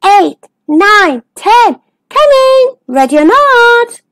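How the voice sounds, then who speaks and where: A woman voicing an excitable, fearless little boy fish in a children's storybook, bouncy and eager. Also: high voice, moderate pace, voice pushed up. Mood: playful.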